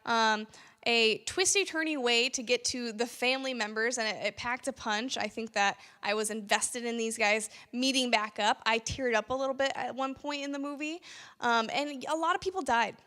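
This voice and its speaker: A woman's voice: fairly high pitch, moderate pace, sharp tone. A young woman giving a casual, spoiler-filled movie review, chatty and laughing, with frequent fillers and restarts.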